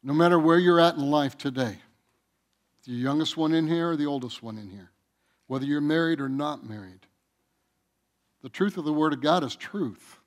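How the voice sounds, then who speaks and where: A man preaching a sermon to his church, his voice sitting slightly high for a man. He builds in fervent, repetitive runs that swell loud and then drop back to a quieter teaching tone. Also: moderate pace, long pauses. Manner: impassioned preaching, rising loud in emphatic runs, repeating phrases. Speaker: pastor.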